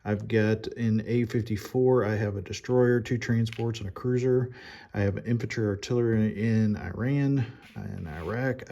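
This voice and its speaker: Slow, gravelly man thinking aloud. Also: lowish voice, warm tone. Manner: unhurried, thinking aloud, counting units and money. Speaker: board game player narrating his turn. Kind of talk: casual solo board game playthrough. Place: home, at a table with the game board.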